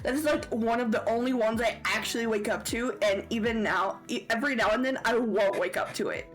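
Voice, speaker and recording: A woman's voice: fairly high pitch, a little fast, faint music behind. A woman with a Southern American accent chatting casually on a livestream, playful and giggly with squealy outbursts. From Southern United States. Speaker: streamer.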